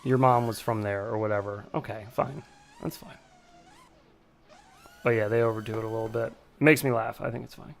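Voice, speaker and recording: A man's voice: medium pitch, a little fast, gravelly, long pauses. A man casually chatting on a live stream, rambling and joking as he reacts to chat. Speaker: streamer hosting a drone flight sim stream.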